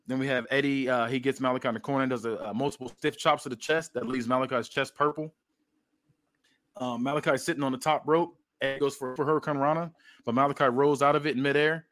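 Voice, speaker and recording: A man's voice: medium pitch, a bit bright. A man casually recapping a match blow by blow, rambling with lots of fillers. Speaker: podcast host.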